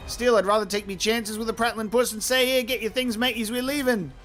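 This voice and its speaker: A man voicing a greedy, grumbling male sky pirate who talks in rough slang while playing a video game. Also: very high voice, steady tone, brisk, fairly bright tone, soft background music, pitched above the performer's own voice. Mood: brash, grumbling.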